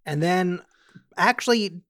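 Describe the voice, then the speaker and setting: A young man co-hosting a podcast chats casually, spinning rambling, animated stories with acted-out quotes. He has a high voice and speaks at a slow pace.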